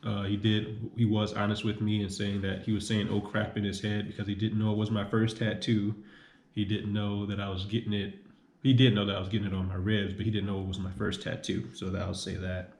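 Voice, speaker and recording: A man's voice: fairly low pitch, flat delivery, fairly quick, darkish tone. A young man vlogging casually, rambling and repeating himself with many fillers as he talks through his experience. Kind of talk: casual vlog monologue. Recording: echoey room.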